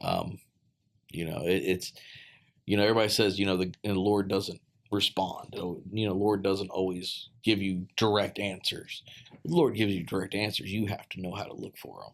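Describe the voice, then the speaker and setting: A man with a fairly low voice tells a personal story in relaxed podcast conversation. He speaks earnestly and haltingly, restarting phrases and filling pauses with ums. His voice often drops soft and quiet.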